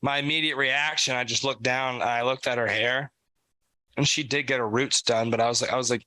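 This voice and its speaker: Young male podcast co-host, bright voice, lively profane storyteller, dry close sound. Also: medium pitch, fairly quick, no room sound, poor audio. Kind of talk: casual chat.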